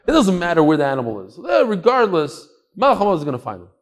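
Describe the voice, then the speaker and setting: Man, middle-aged, Talmud lecture, storytelling, slightly high voice, very lively pitch. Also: quick pace. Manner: lively, acts out the voices in his stories, shouts at the climax. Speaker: Talmud teacher.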